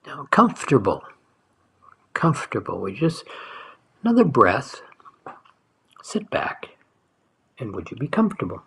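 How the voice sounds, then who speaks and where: A man leading a guided meditation talk as a spiritual teacher, speaking softly and slowly, lingering on words and sometimes dropping to a whisper. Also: medium pitch, wildly swooping pitch, gravelly, a little hiss or hum. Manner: soft, slow, dwelling on words, dropping to whispers.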